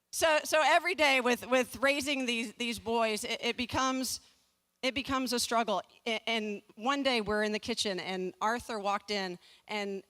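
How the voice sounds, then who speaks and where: Speaking at a community fundraising event, a woman in her forties from the American South uses a mid-range voice with a fairly bright tone. Her storytelling is humorous and self-deprecating with good comic timing, though she restarts and repeats words.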